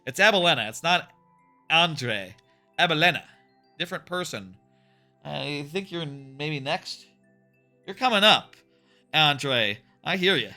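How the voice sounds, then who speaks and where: A man's voice: a little high, big pitch swings, slow pace, long pauses, pushed and bright. A man streaming a platform game, chatting casually and candidly, swearing often and thinking aloud as he plays. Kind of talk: casual live-stream commentary while playing. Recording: music playing behind.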